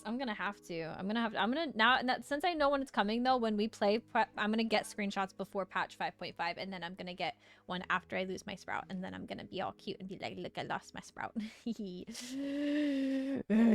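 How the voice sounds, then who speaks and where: A woman's voice: mid-range voice, fairly bright tone. Giggly young woman streaming a game. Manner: bubbly and giggly, reads chat aloud. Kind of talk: casual live-stream chat while gaming.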